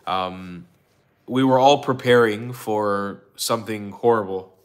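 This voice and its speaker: A man's voice: lowish voice, takes it slowly, smooth. A tired man hosting a casual livestream, rambling with restarts and greeting viewers from the chat by name. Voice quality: rambling, with restarts and frequent ums. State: tired, yawning. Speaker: livestream host.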